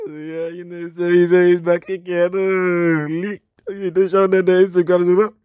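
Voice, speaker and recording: A man reacting casually to pictures, repeating words, squealing high greetings and shouting refusals. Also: little pitch movement, normal speed, few pauses, smooth. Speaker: YouTube reaction host.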